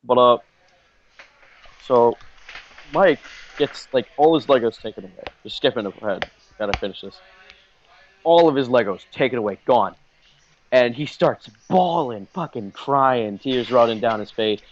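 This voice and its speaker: Man, podcast host, casual profane storytelling, lots of fillers, mid-pitched, dull lo-fi audio. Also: lively intonation, unhurried, long pauses, slight background noise. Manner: rambling, profane, full of fillers.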